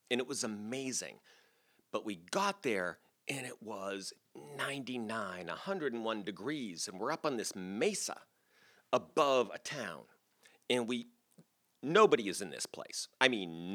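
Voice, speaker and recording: A man's voice: on the low side, pushed and bright. A man in his sixties telling a personal story on a theater stage to a live audience, in a chatty, self-deprecating way.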